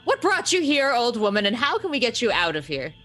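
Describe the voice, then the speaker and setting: A woman voicing a stern young woman wizard with a brisk, commanding manner. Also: fairly high pitch, sing-song, fairly bright tone, voice pushed up.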